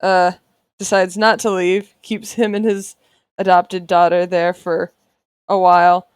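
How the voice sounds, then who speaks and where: A woman's voice: on the low side, little pitch movement, unhurried, clear, resonant tone, no echo, clean studio sound. A woman artist chatting casually while she draws on a livestream, playful and sarcastic, often laughing. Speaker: artist streamer. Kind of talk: casual chat while drawing on stream.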